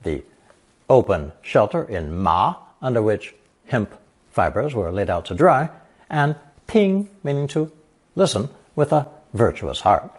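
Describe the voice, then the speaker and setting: Slow, husky man teaching Mandarin. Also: on the low side, big pitch swings. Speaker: language teacher. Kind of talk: scripted lesson narration.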